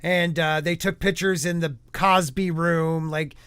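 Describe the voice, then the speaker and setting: A man's voice: on the high side, steady tone, a little slow, a bit bright, clean tone, dry recording, studio quality. A man hosting a casual podcast, chatty and rambling with lots of fillers. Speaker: podcast host.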